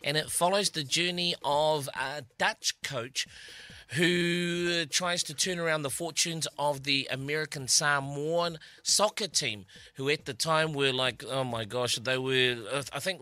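Bright-voiced man radio co-host. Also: a little high, a little slow, dry recording. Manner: rambling, with restarts and repeated words. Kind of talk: casual on-air chat. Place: radio studio.

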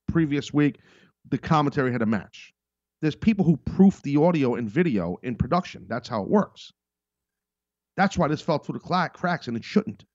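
A man hosts a podcast with a casual, emphatic monologue that often veers off track. His pitch sits in the middle range. The studio-mic sound is dull and dry. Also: no room sound. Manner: rambling, emphatic, self-interrupting. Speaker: podcast host and wrestling commentator.

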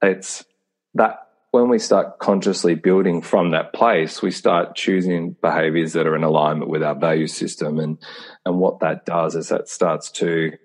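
A man's voice: low voice, fairly even intonation, normal speed. A man speaking earnestly and reflectively in a casual call conversation, with many fillers and restarts. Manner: acts out his own inner voice in quoted asides.

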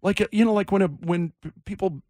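A man's voice: high voice, quick pace, dry recording, studio quality. A middle-aged man hosting a morning radio show, telling a story with lots of acted-out quotes and running a caller survey. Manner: animated storyteller acting out quotes. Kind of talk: casual radio banter and storytelling.

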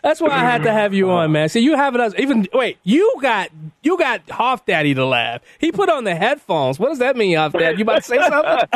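A man with a fairly high speaking voice hosts a radio talk show. He talks in an animated, looping way, repeating words as he goes. The sound is dry and close. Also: fairly quick, dry recording. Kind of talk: casual radio chat.

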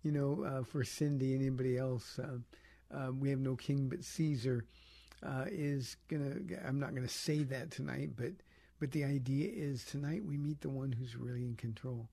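A man with a gravelly, husky voice answers listeners' Bible questions on call-in radio. His tone is dark and mellow, and he talks in an easygoing, thoughtful way, full of small fillers. The studio sound is dry and close. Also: mid-range voice, steady tone, normal speed, no echo. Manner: conversational, thoughtful, many fillers. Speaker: pastor answering callers on a radio show.

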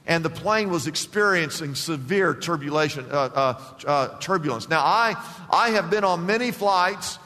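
A man pastor preaching a sermon emphatically, with big swings in pitch and loudness, in a church. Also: lively intonation, normal speed, long reverb tail.

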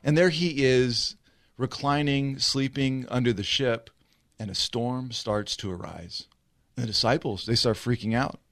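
A man preaching a sermon as a pastor. He tells the story vividly, acting out the scenes, and swings between rushed and slow delivery. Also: medium pitch, a bit bright.

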